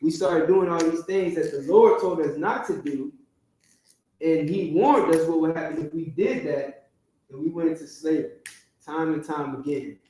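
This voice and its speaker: In a very reverberant classroom, a man with a fairly high, mellow voice teaches at a normal speed, regularly checking whether his listeners are keeping up. The mic picks him up from a distance.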